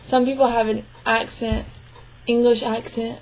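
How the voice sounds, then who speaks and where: Young woman, sign language interpreter voicing an interview, fairly high voice, flat delivery, short halting phrases, frequent throat clearing. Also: poor audio. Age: young adult. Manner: clears her throat often. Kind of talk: voicing a signed interview into spoken English.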